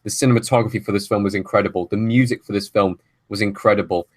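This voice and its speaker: A man's voice: fairly low pitch, steady tone, fast, no room sound. A man hosting a film podcast, making long opinionated arguments in casual chat. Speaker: podcast host.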